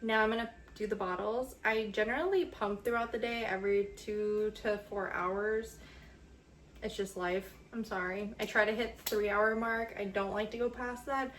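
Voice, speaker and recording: A young woman talks casually into the camera for her vlog, sounding sentimental, candid and chatty, with lots of fillers. She speaks at a moderate pace in a steady, medium-pitched tone, with slight background noise.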